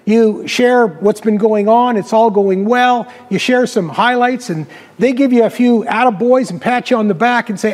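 A man preaching a storytelling sermon, dramatic, dropping his voice low for emphasis. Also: moderate pace, big-room sound. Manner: dramatic, varies pitch and loudness, drops low for emphasis. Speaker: pastor.

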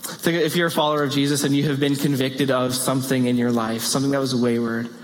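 A man preaching a sermon in an animated way, with playful asides and rising exclamations. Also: mid-range voice, fast. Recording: long hall reverb.

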